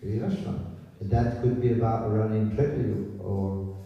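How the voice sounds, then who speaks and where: A man's voice: on the low side, fairly even intonation, normal speed, vocal fry, muffled recording. A man giving a scripture class as a visiting monk, chuckling often and putting questions to his listeners, recorded in a temple hall. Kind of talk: sermon. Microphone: distant camera microphone. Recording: echoey hall recorded from far off.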